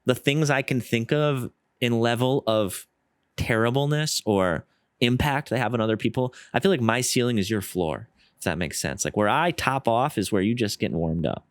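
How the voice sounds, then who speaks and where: A man's voice: medium pitch, animated, moderate pace, no echo, studio quality. A man hosting a podcast interview, speaking in an earnest, self-deprecating and rambling way. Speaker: podcast host. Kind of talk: casual interview chat.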